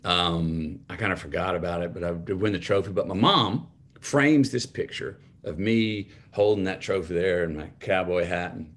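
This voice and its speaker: A man in his fifties, a guest telling an anecdote in an animated way and laughing along with it. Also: sits low, moderate pace. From Texas. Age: 50s. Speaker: guest, memoir author. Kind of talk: anecdotal storytelling.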